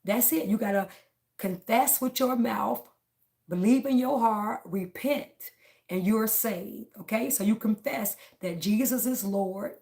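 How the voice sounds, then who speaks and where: A woman's voice: mid-range voice, a little slow, creaky, dark tone. A woman livestreaming a casual, preaching monologue, speaking emphatically, repeating her phrases and talking straight to her viewers. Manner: laughs between lines.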